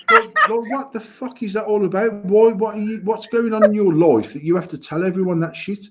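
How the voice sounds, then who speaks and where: A man's voice: high-pitched, brisk, few pauses, very noisy. A British man co-hosting a casual banter podcast, talking bluntly and opinionatedly with lots of swearing and restarts. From United Kingdom. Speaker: podcast co-host.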